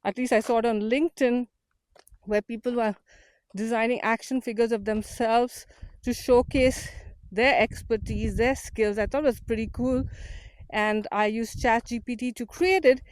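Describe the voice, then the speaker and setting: A woman's voice: fairly high pitch, steady tone, normal speed, a little mellow, no echo. Woman vlogging on an uphill walk outside, kinda breathless, earnest motivational talk, close dry mic. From India. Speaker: community founder and host. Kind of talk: unedited walk-and-talk vlog. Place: outdoors on a walk, windy. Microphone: small portable mic.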